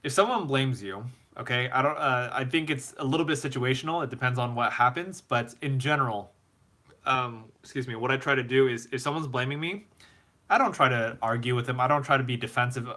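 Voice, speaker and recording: A man's voice: mid-range voice, a little fast, bright, forceful tone. A man hosting a live stream Q&A, giving casual advice and reading chat messages aloud, rambling with fillers and repeated words. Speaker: host.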